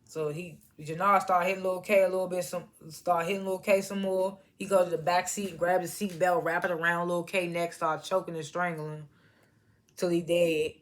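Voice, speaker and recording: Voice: mid-range voice, flat delivery, moderate pace. A TV reviewer casually recapping an episode in loose, slangy storytelling and chuckling at the scenes. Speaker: TV show reviewer.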